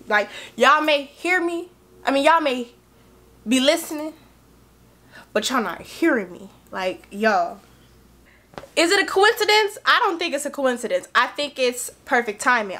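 Excitable young woman chatting to viewers. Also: high-pitched. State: tipsy. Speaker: vlogger. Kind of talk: casual chat to camera.

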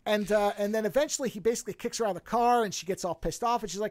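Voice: medium pitch, quick pace, hardly any pauses, no echo. A podcast host casually recapping a film, rambling and swearing freely while acting out the characters' lines. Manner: profane, rambling storyteller who acts out quoted lines.

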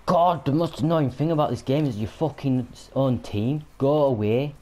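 A man's voice: mid-range voice, normal speed, darkish tone. A man with a Yorkshire accent, commentating while he plays a video game and swearing through frequent angry outbursts. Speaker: gamer. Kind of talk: gaming commentary.

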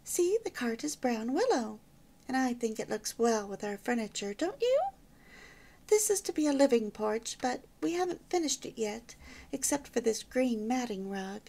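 A bright, chatty young bride in an old-fashioned storybook, her voice rising and falling with lively pride, as a woman reads her. The tone is a touch gravelly at the edges, eager and sweet. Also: fairly high pitch, normal speed, exaggerated voice. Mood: proud, chatty. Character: cheerful young newlywed housewife, proud homemaker.

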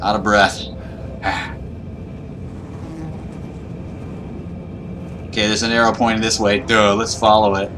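A man's voice: fairly low pitch, flat delivery, fast, few pauses, noisy background. A man giving nervous, panicky running commentary while playing a horror game. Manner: nervous, panicky self-talk. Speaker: gaming YouTuber.

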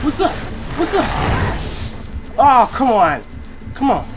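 A high-voiced woman trash-talks and swears through a boss fight, her pitch jumping all over the place. She drags her words out slowly between bursts of taunting. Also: background noise. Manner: profane trash-talking, excitable. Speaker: gaming YouTuber. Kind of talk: gameplay reaction commentary.

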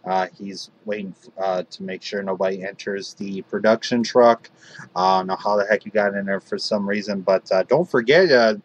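A man hosting a hobby wrestling show, talking haltingly with lots of fillers. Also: lowish voice, lo-fi sound, a little hiss or hum. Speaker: host.

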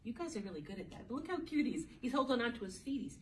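A woman's voice: a little high, very animated, very fast, slight background noise. A woman teacher reading a picture book aloud to young children in a playful, sing-song way, often speaking to them directly. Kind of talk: children's storytime read-aloud. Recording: distant mic, faint background ambience.

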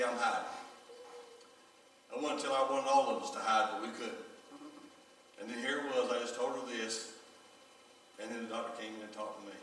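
A pastor preaching a sermon, telling a personal story with emotion, his voice often dropping low and soft. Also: slight background noise. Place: large church sanctuary. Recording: echoey church hall recorded from far off.

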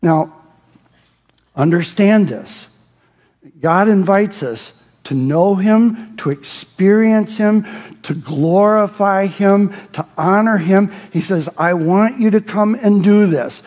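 A man preaching a sermon as pastor, reading scripture aloud and rising into impassioned shouts. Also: sits high, long reverb tail. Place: church sanctuary.

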